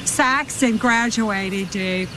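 A chatty Southern mom. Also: female voice, on the high side, drawn-out words, slight background noise. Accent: American Southern. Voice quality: drawling. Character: chatty Southern mother on vacation, proud of her kids. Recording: clip from a TV series with loud outdoor ambience.

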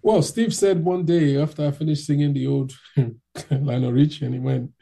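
A man with a very dark, gravelly voice tells a story in an interview, casual and animated. His tone is husky and a little rough, and he slips into the voices of the people he describes. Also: fairly high pitch, moderate pace. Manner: animated, acts out voices in anecdotes.

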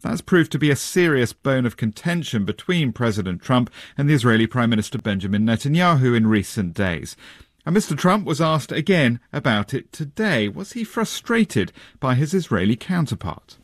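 A man presenting broadcast news and interviewing a guest with measured, probing questions. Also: medium pitch, very animated, dry recording, clean studio sound.

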